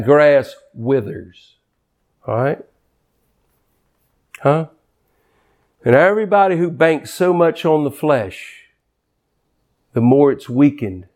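A man in his sixties, with a medium-pitched voice, preaches passionately, sinking to hushed tones and climbing to near-shouts.

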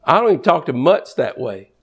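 A man preaching a sermon in an animated, conversational way, reading scripture quickly and jumping sharply in pitch for emphasis. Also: slightly rough. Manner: reads scripture aloud quickly.

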